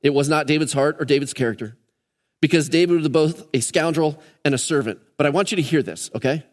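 An earnest male pastor preaching in a church sanctuary, his voice a little higher than most men's. He drives his points home by repeating words in threes. The sound carries a long reverb from the hall. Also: a little fast. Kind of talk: sermon. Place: church sanctuary during a service.

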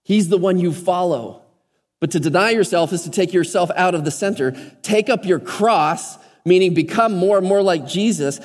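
A man preaching from the pulpit, shifting between easy conversational asides and emphatic urging. His voice sits a little high for a man. A long reverb trails behind him from the church sanctuary. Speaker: pastor. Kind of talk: sermon.

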